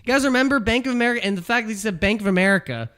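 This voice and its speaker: A man giving casual commentary as a video host, animated and ranting, repeating phrases and laughing at his own jokes. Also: high voice, very fast, clean tone. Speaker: crypto YouTuber. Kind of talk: casual talking-head commentary.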